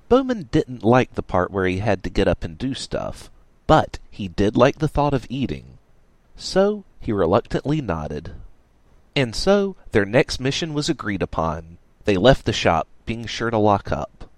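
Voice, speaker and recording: A man reading a story aloud in a wry, lively storytelling manner. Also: lowish voice, a little slow, no echo. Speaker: narrator.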